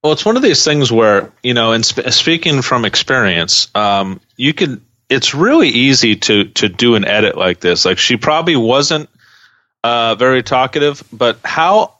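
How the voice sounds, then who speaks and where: A man's voice: medium pitch, animated, moderate pace, sharp tone, no room sound, muffled recording. A man co-hosting a podcast, chatting casually and talking through his take on a reality show. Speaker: podcast co-host. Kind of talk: casual recap chat.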